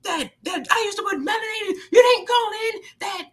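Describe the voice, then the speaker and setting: A man mimicking an outraged woman talk-radio host, ranting and shouting at a caller. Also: very high-pitched, animated, normal speed, voice pushed up.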